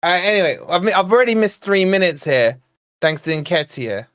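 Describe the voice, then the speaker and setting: A young man hosting a football watch-along stream, talking in a fairly high voice. He rants and grumbles in exasperation while answering his chat. The sound is dry and close, with no room around it. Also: very animated, brisk, a bit bright, clean tone, no echo. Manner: ranting, exasperated, reacting to live chat. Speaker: fan channel host.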